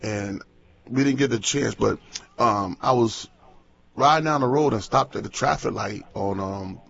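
Gravelly-voiced pastor on lo-fi radio. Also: male voice, on the low side, unhurried, fairly bright tone. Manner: folksy, repeats words, tells stories animatedly. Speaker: pastor and radio show host. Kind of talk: casual radio chat. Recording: muffled lo-fi radio broadcast.

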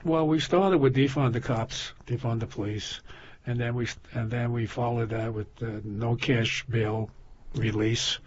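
A man's voice: medium pitch, fairly even intonation, measured pace, husky, no room sound. An older man in casual chat, rambling through stories with many restarts and laughing at his own jokes. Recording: dull lo-fi sound.

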